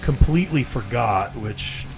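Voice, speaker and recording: A laid-back man co-hosting a radio music show, rambling through band introductions and stories with self-deprecating asides. His voice sits at a middle pitch, with faint music playing under his talk. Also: lively intonation, a little slow, creaky. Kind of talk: casual radio banter.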